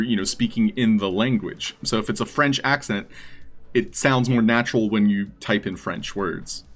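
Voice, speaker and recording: Man, livestreamer, casual thinking-aloud chat, middle pitch. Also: a bit bright. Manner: rambling, thinking aloud while setting up text-to-speech. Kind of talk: casual live-stream chat.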